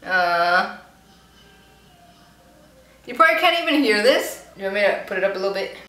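With a mid-range, sharp-toned voice and very animated delivery at a moderate pace, a young woman hosts a casual YouTube reaction video. She's giggly and chatty, playfully voicing those she watches, while soft music plays in an echoey room with faint noise.

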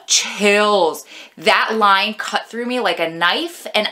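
A woman giving a casual, heartfelt film review in a chatty, expressive way. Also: mid-range voice, takes it slowly. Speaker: movie reviewer vlogger.

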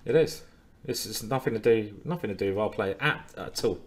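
On a live stream, a man with a fairly low voice talks through chess coaching at a fairly quick clip. His casual commentary is chatty and playful, with lots of repeated words.

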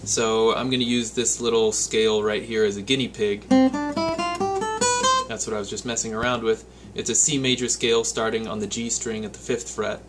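A man with a fairly low voice walks through a guitar exercise, calling out each down and up stroke as he plays. He explains patiently, step by step, with the odd um. His own guitar rings out loudly under his speech. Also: flat delivery, moderate pace. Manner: counts picking strokes aloud while playing. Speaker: guitar teacher. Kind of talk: instructional guitar lesson. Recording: loud guitar playing behind the voice. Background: his own guitar playing.

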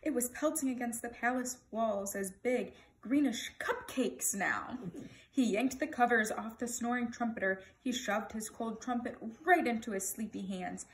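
A woman reading a children's picture book aloud in an expressive, lively storytelling manner. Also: fairly high pitch, moderate pace, low-quality recording.

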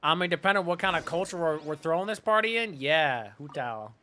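A man's voice: a little high, lively intonation, fairly quick, bright, forceful tone, slight background noise. A man streaming a game, giving sarcastic, ranting, joking commentary. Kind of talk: gameplay commentary.

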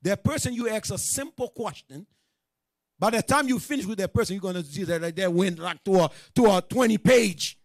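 A man's voice: high-pitched, brisk, dry recording, clean studio sound. A man teaching a religious class in a sermon style, emphatic and direct, often asking his listeners whether they understand.

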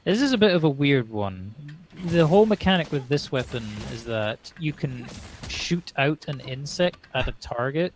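A man's voice: medium pitch, animated, normal speed. A man streaming a game, casually explaining mechanics to a friend and laughing easily. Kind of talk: casual gameplay chat.

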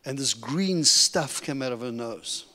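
A middle-aged man from Africa giving a sermon testimony as a guest preacher, telling his story in an animated, humorous way. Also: mid-range voice, measured pace. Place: church sanctuary. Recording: long reverb of a church hall.

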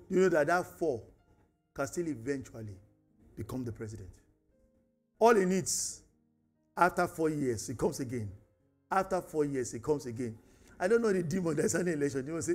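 Lively Nigerian pastor preaching. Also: male voice, fairly high pitch, brisk, long pauses, soft background music. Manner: animated, switching between shouting and hushed prayer; laughing asides, Yoruba interjections. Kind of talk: sermon. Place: church hall.

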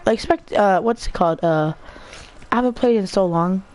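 A woman giving casual commentary while playing a video game, excitable, often squealing and laughing at the screen. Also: medium pitch, normal speed, a little hiss or hum. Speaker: gamer.

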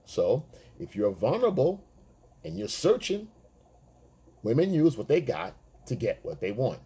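A man's voice: medium pitch, huge pitch swings, a little slow, mellow, slightly rough. Blunt streetwise male dating coach. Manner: blunt, streetwise, swearing, acts out chat messages. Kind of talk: casual monologue to male viewers.

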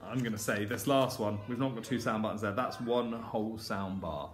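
A man teaching a phonics lesson to young children. He sounds out letters slowly and with exaggeration, in an encouraging sing-song teacher voice. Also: on the low side. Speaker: primary school teacher. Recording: echoey room with faint background noise.

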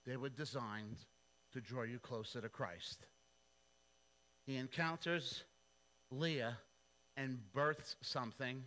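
A male pastor preaching a sermon, telling the story in an animated, playful, slangy way. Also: medium pitch, slow pace, pauses often, low-quality recording.

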